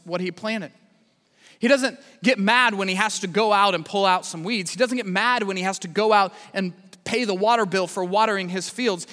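A man's voice: sits high, big-room sound. A man preaching a sermon as pastor, telling stories and joking with the congregation. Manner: animated storytelling with asides to the congregation.

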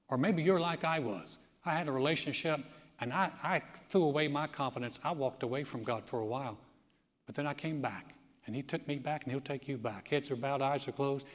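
A man preaching a sermon to a congregation, moving between loud, emphatic passages and a quiet, low prayer voice. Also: brisk. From United States. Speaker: pastor. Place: church sanctuary. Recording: long church reverb.

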